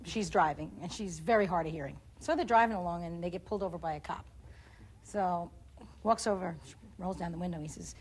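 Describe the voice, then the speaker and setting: A woman's voice: on the low side, brisk, slight background noise. A woman telling a long joke as a guest, acting out the characters' voices. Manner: animated, acts out voices in the joke.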